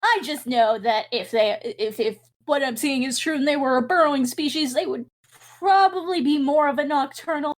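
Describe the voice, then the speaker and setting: A woman's voice: high-pitched, normal speed. A woman playing in a tabletop game, chatty and explaining things with many fillers. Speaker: player. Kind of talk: tabletop role-play chat.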